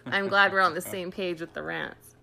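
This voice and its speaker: Bubbly woman co-host from Utah, bright voice, lots of fry, giggles a lot. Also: fairly low pitch, fairly even intonation, moderate pace. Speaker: podcast co-host. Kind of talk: casual chat.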